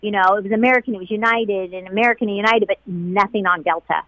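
A woman's voice: medium pitch, fast, no echo, dull audio. Heartfelt middle-aged woman recalling. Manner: heartfelt, quotes others in lively voices. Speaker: flight attendant guest. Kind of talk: emotional interview recollection.

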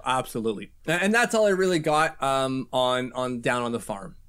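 A man's voice: mid-range voice, expressive, normal speed, a bit bright, clean tone. A man co-hosting a casual hockey podcast, talking loosely and laughing often. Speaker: podcast co-host.

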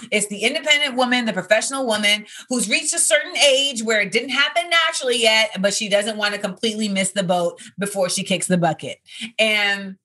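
A woman's voice: medium pitch, bright, forceful tone. A woman in her thirties, a comedian hosting a podcast segment, telling stories in a chatty, casual monologue. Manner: chatty, storytelling, full of fillers like "you know".

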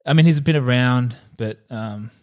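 At a moderate pace and medium pitch, this podcast co-host keeps the chat casual, joking around and saying he's hungover. He rambles, filling gaps with fillers and laughs.

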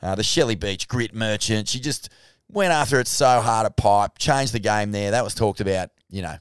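A man with an Australian accent, co-hosting a podcast in casual surf talk, rambling and swearing excitably. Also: on the low side, normal speed, clear, resonant tone, no echo, clean studio sound. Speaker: podcast co-host.

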